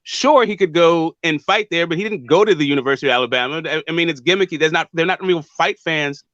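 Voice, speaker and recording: A man's voice: a little high, fast, fairly bright tone, no room sound. Man explaining boxing over dull audio. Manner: rambling, repeats words, hedges with "right?". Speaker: boxing pundit guest. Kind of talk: casual call-in discussion.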